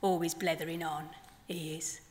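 A tart, resigned old grandma flamingo with a Black Country accent, as a woman poet puts her on. She mutters low and dry, grumbling at her chick. The voice carries a long hall reverb. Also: little pitch movement, normal speed, close to an everyday voice. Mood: weary.

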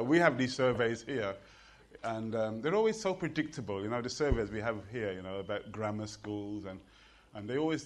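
A middle-aged man with a Birmingham Jamaican accent, telling jokes and stories and reciting poetry on stage in an animated, rhythmic way. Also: medium pitch. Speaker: poet and performer. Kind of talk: live storytelling and poetry performance.

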